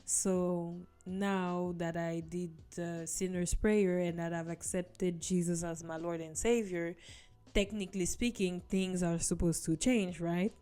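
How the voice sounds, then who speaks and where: A woman's voice: lowish voice, fairly even intonation, a little slow, smooth. A woman telling her personal faith testimony to viewers in an earnest, casual storytelling way. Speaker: vlogger sharing her testimony. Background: soft background music.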